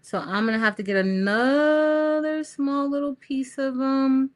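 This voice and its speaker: A middle-aged woman with a high voice speaks at a measured pace while crafting on a livestream. She chats casually with viewers, tells stories, and calls them "y'all."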